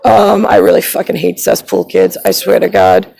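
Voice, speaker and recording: Gravelly, husky woman ranting. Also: mid-range voice, very animated, normal speed, warm tone, rough recording. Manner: agitated, swearing, drifting between topics. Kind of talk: rambling personal rant.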